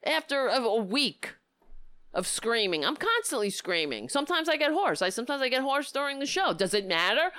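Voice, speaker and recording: A woman hosting a political talk show, giving impassioned, indignant commentary with a hoarse voice. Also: on the high side, sing-song, normal speed, dry recording. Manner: impassioned, indignant, rising to near-shouting.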